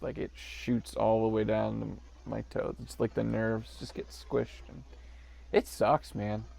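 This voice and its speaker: A man's voice: medium pitch, vocal fry, darkish tone. A man co-hosting a podcast, riffing on a movie in jokey, rambling banter and laughing often. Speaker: podcast co-host.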